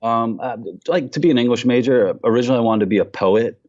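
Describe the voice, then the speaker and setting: A comedian from Queens with a faint New York accent, chatting as a guest on a podcast and telling stories in an animated, self-mocking way. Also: mid-range voice, quick pace, muffled recording. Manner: animated storyteller, self-mocking, many restarts. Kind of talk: casual podcast interview.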